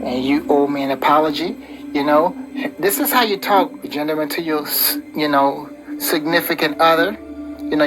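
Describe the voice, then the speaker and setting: A man's voice: on the high side, rough recording. A man delivering a rambling, preachy relationship-advice monologue, full of "you know". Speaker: vlogger giving relationship advice. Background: background music.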